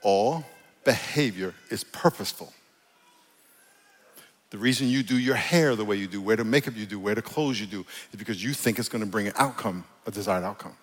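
A man's voice: on the low side, fairly quick. A man preaching a sermon as pastor, emphatic and joking with the congregation in a church hall. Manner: emphatic, preachy, jokey with crowd.

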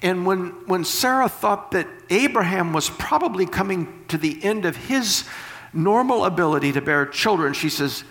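A man preaching a sermon, reading scripture slowly and then paraphrasing it in animated bursts. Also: high voice, long reverb tail.

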